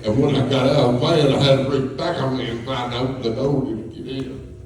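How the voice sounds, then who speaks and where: A man's voice: medium pitch, steady tone, fast talker, a little mellow. A man telling folksy, rambling stories to a live audience, chuckling as he goes. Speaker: storyteller. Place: school hall with a live audience. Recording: echoey hall from far off, faint hum.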